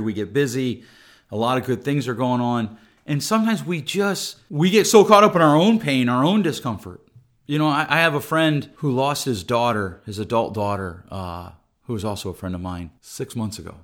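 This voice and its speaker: A middle-aged man talking earnestly and conversationally as a podcast host, often restarting his sentences. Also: mid-range voice. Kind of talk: podcast monologue.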